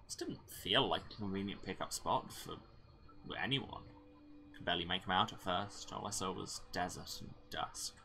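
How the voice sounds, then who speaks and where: A man's voice: deep voice, moderate pace, pushed and bright. Wry man reading a story game. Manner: wry, sarcastic asides. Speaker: let's play host. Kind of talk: reading a narrative game aloud with asides. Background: game music.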